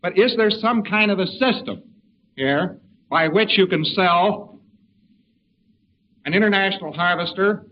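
A man's voice: sits high, a little slow, long pauses. A man giving an informal lecture in a folksy, rambling way with wry asides. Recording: dull lo-fi recording with faint hiss.

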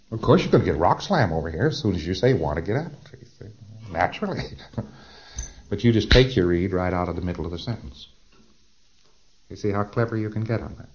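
A low-voiced man delivers a recorded lecture in a chatty, emphatic manner, stressing key words and breaking off into rhetorical asides. The sound is dull and lo-fi, like an old tape recording. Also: a little mellow.

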